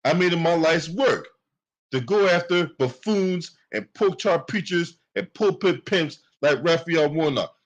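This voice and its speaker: Man, angry political commentary, repetitive, profane, a bit high-pitched. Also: measured pace, muffled recording. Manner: heated, profane, repetitive ranting.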